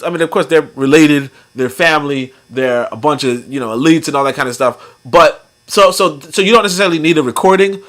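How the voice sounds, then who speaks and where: Man, podcast host, casual rambling commentary, filler-heavy, profane, slightly high pitch, bright tone.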